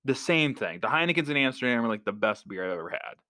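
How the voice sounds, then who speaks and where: A man's voice: medium pitch, big pitch swings, quick pace, pushed and bright, no room sound, clean studio sound. A man co-hosting a podcast, chatting casually in a laid-back, blunt and crude way. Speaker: podcast co-host. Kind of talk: casual chat between friends.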